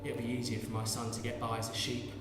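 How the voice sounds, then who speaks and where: This fast-talking man, at medium pitch with a completely flat, lightly acted delivery, plays a distraught young peasant mother holding tight to her baby. He moves from tender, fervent cooing into shouted curses, heard through a distant stage mic echoing around a large theatre hall.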